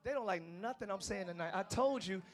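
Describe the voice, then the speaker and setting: A male pastor preaching a passionate sermon, swinging between shouting and hushed tones and talking straight to the congregation. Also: high voice, a little fast. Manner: talks directly to the congregation, calling them y'all.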